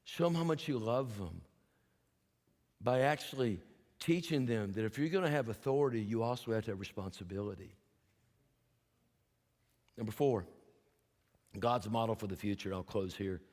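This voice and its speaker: Older pastor preaching with long reverb. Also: male voice, lowish voice, normal speed, long pauses, a little mellow. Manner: folksy storytelling with humor; earnest, emphatic exhortation. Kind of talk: sermon. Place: church sanctuary.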